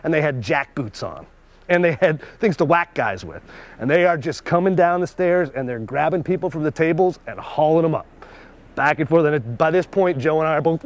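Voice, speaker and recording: American male storyteller, slightly higher voice, animated, chuckles often. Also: fairly quick. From United States. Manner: animated, chuckles between lines. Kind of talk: casual spoken anecdote.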